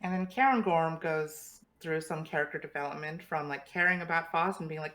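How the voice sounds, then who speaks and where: A woman with a bright, fairly low voice, talking through ideas in a relaxed book club chat. She thinks aloud and fills her pauses with small words as she goes. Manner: thoughtful, full of "like" fillers.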